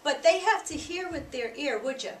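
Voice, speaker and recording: An American woman training tutors in a workshop, talking in an animated, emphatic way and demonstrating sounds aloud. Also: sits high, moderate pace, slight background noise. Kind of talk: teaching workshop presentation. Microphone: distant room mic. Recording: echoey room from a distance, faint ambience.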